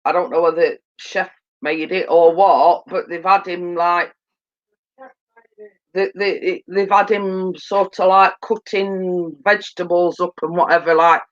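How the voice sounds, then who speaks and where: Woman host, tired with a cold, slow rambling chat, muffled lo-fi phone sound. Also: on the low side, steady tone. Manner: rambling, filler-heavy, repeats "as I say". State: tired and yawning, coming down with a cold. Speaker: livestream host. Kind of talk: casual chat.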